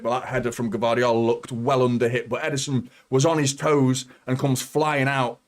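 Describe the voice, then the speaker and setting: A man hosts a live football watchalong, commentating as a fan and swearing a lot, swinging from nervous muttering to shouting. His voice is medium-pitched and steady in tone, a little fast, with hardly any pauses.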